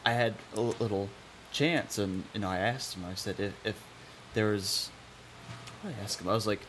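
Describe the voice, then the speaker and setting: A man hosting a casual interview, telling a story in a halting, rambling way. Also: fairly low pitch, fairly bright tone, slight background noise. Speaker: podcast host. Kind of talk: casual chat.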